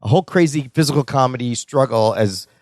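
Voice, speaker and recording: A man's voice: medium pitch, fairly quick, a little mellow, no echo, clean studio sound. A man co-hosting a podcast, recapping a sitcom episode in casual chat and acting out quoted lines in silly voices. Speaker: podcast co-host.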